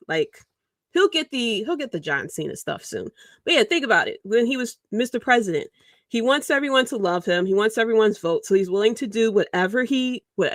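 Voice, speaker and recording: A woman hosting a casual livestream, talking in a rambling, animated way and chuckling mid-sentence. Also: medium pitch, no echo, studio quality. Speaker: podcast host.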